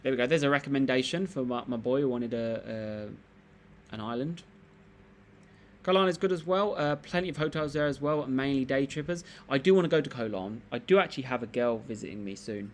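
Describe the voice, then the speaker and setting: A man's voice: mid-range voice, a little fast. A man hosting a live stream, chatting casually and reading out comments in a rambling, laid-back way with lots of fillers and restarts.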